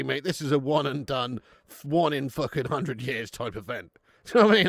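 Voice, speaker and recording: A man's voice: mid-range voice, brisk, vocal fry, few pauses, a bit bright, no echo. Guy hosting a live football stream, chatty, swears a lot, dry close mic. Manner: chatty, laughs often, swears freely; reads out viewer messages. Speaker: host of a live football watch-along. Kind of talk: casual live stream chat.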